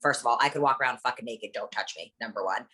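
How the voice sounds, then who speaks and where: Fast-talking low-voiced young woman. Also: a bit bright, husky. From lives in Las Vegas. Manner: blunt, profane storytelling. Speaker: interview guest. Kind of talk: casual chat.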